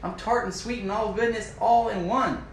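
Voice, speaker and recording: Brief: man doing a huffy talking raspberry, high and whiny, echoey room. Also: steady tone, normal speed. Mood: indignant. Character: sulking talking raspberry, male, tart and self-praising. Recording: echoey room with faint ambient noise.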